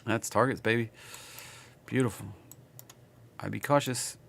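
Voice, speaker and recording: A man's voice: mid-range voice, fairly even intonation, measured pace, creaky, fairly bright tone, slight background noise. A man with a Southern accent, casually reading stock charts on a live stream and chatting with viewers.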